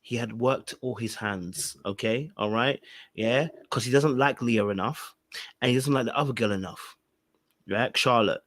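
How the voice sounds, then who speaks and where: A man, co-hosting a podcast and giving animated, emphatic reality-TV commentary, repeating phrases for effect. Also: mid-range voice, normal speed, dry recording. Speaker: podcast co-host.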